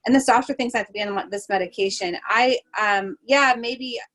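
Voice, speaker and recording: Her voice is fairly high and fairly quick, and the audio is poor. She's a podcast host and holistic travel nurse, telling stories animatedly in casual chat. She laughs often and uses lots of fillers.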